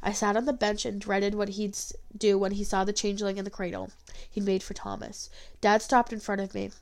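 A woman's voice: medium pitch, level tone, fairly quick. A woman narrating a storybook in an earnest first-person telling. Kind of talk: storybook reading.

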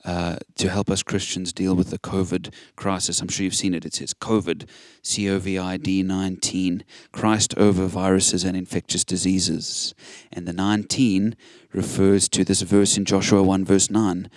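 A man's voice: low-pitched, level tone, normal speed, no echo. A man preaching a sermon, earnest and encouraging, quoting scripture with emphasis.

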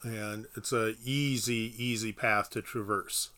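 A man's voice: on the low side, fairly even intonation, slow pace, bright, forceful tone. A man explaining scripture in a casual bible study, knowledgeable and explanatory. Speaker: bible teacher.

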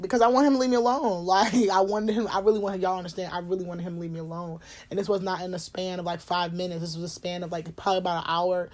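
A young woman telling a personal story in a candid, profane, laughing way, getting loud when she acts out scenes. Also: medium pitch. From Cincinnati, USA. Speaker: podcast host. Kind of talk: casual storytelling monologue.

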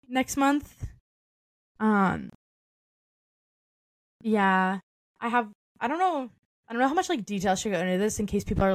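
A young woman co-hosts a podcast, chatting loosely in a mid-range voice with no room sound. She's talkative, laughs often, and uses lots of "like" and "um."

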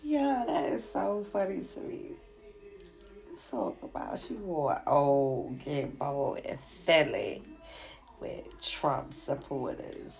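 Low, slow-talking woman with a gravelly voice. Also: expressive, darkish tone, low-quality recording. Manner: laughs often, talks to listeners as y'all. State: sore throat. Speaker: podcast host. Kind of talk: casual solo podcast commentary.

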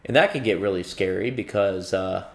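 A man's voice: low voice, moderate pace, gravelly. A man delivering a profane comedic rant, bouncing between musings and acted-out voices. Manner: profane, animated, acts out voices mid-rant.

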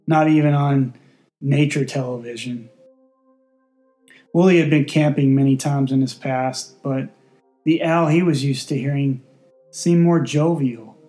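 A man narrating a story in a steady, deadpan way. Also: mid-range voice.

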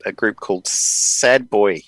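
A man's voice: on the low side, slow pace, a bit bright, dry recording, rough recording. A man hosting a podcast, chatting casually and rambling with many fillers. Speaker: podcast host. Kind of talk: casual chat.

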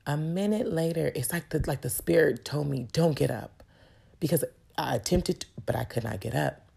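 Low gravelly-voiced woman sharing her faith. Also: a little fast, warm tone. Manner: earnest, emotional, addresses viewers directly. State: tearful at times. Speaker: vlogger sharing a testimony. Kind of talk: personal faith testimony.

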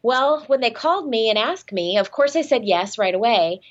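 Animated, laughing woman guest on a podcast. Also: a little high, normal speed, lo-fi sound, a little hiss or hum. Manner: animated storyteller, laughs often, self-deprecating. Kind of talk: casual interview chat.

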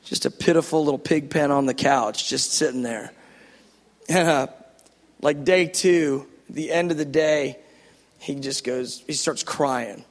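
A middle-aged man with a high, light voice delivers an impassioned sermon, stacking repeated phrases until he is nearly shouting, then sinking to a hush. His voice rings with a long hall reverb. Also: unhurried. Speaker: preacher.

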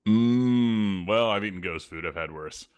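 A man's voice: sits low, brisk, bright, forceful tone. A man playing a tabletop game, chatting and joking in character. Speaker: player. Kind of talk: casual in-character tabletop play.

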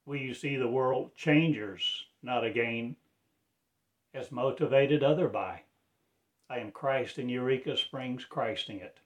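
Man, self-appointed preacher, very slow delivery, rambling pleading sermon. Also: mid-range voice. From Arkansas, USA. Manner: slow, pleading, loosely strung phrases. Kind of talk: rambling religious address.

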